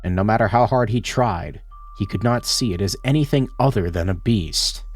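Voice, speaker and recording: A man's voice: on the low side, moderate pace, slightly rough, soft background music. A man streaming a visual novel, reading the story aloud and reacting with casual swearing. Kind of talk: game stream narration and commentary.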